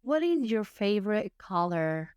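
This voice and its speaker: A woman teaching English, reading short everyday phrases one at a time with careful, deliberate enunciation and pauses between them. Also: medium pitch, sing-song, darkish tone, smooth, no room sound, clean studio sound. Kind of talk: slow phrase-by-phrase reading for learners.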